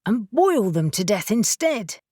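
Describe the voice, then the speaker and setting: A woman narrating an audiobook voices a serious, knowledgeable male witch who explains things in a measured way. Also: medium pitch, big pitch swings, warm tone, slightly rough, no echo, studio quality. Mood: wry. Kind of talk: audiobook character voice.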